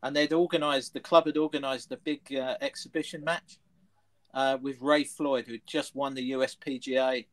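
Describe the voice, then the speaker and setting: A man on a sports panel show, chatting casually and telling animated anecdotes. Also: medium pitch, moderate pace, rough recording. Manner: anecdotal storyteller, animated retelling. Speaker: studio panelist.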